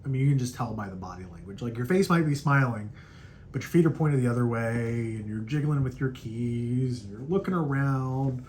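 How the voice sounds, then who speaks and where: A young man hosting a casual podcast, telling a story in a loose, profane way and acting out quotes in a higher voice. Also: fairly quick, slight background noise. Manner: animated, profane, acts out quotes in raised pitch. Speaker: podcast host.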